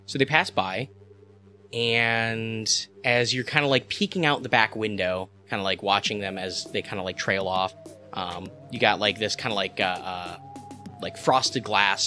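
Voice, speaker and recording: A man's voice: lowish voice, fairly even intonation, moderate pace, bright, forceful tone, soft background music. Rambling man narrating a tabletop game. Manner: rambling, filler-heavy narration. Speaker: game master.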